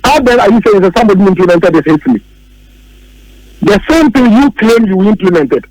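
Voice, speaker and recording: A man's voice: high voice, lively intonation, fairly quick, darkish tone, no room sound, low-quality recording. A man with a Ghanaian English accent giving heated political commentary on the radio, emphatic and repeating his key phrases.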